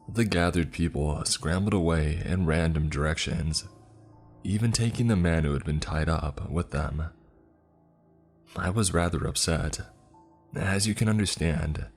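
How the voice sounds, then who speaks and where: A man narrating a first-person horror story in a slow, measured, even storytelling manner. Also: extremely low pitch, soft background music.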